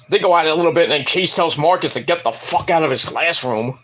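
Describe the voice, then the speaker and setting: A man rambling through a casual wrestling review, profane and opinionated. His voice is husky and sits a bit high for a man, and his pitch swings widely as he talks. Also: moderate pace. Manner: animated, bursts into put-on voices.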